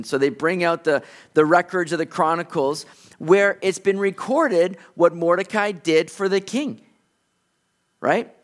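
Animated high-voiced male preacher. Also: measured pace. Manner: animated storytelling, conversational. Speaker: pastor. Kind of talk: expository sermon.

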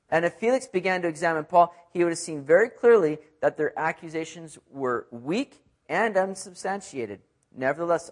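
A male pastor preaching a verse-by-verse sermon in a conversational way, often adding asides and repeating words for emphasis. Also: on the high side. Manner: emphatic, repeats words when stressing a point. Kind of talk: expository sermon.

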